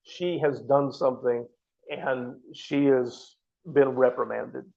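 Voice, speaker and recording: A man's voice: mid-range voice, fairly even intonation, takes it slowly, vocal fry, a little mellow, dull audio. A man teaching a Bible study class, earnest and explanatory, often restarting his sentences. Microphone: microphone.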